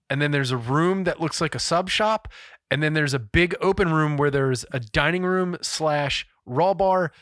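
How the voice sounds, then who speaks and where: A man co-hosting a podcast, telling a story in a casual, profane and animated way. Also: a little high, no echo, clean studio sound. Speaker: podcast co-host. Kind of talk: casual chat.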